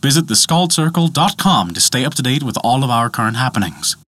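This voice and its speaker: Lively storytelling man, dry close sound. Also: mid-range voice, brisk, breathy edge, no room sound. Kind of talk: scripted narration.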